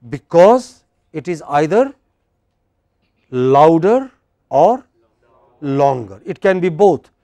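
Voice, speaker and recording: A man with an Indian English accent teaching a university class, speaking slowly and emphatically and quizzing his students. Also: high voice, dark tone, no room sound. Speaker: lecturer. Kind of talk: classroom lecture.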